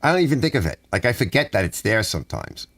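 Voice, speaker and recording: Middle-aged male vlogger, lively pitch, wandering anecdotes full of restarts. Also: fast. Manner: meandering, acts out dialogue, frequent restarts. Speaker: channel host. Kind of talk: rambling personal storytelling.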